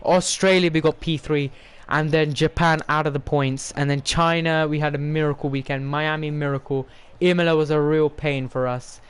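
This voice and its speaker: A young man, commentating his racing game on a live stream, excitable and rambling as he talks to chat. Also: fairly high pitch, normal speed, hardly any pauses, clean tone.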